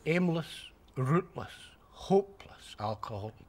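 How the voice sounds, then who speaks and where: A deadpan Glaswegian derelict. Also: male voice, a little high, a little slow. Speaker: derelict drinker. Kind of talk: sitcom acting.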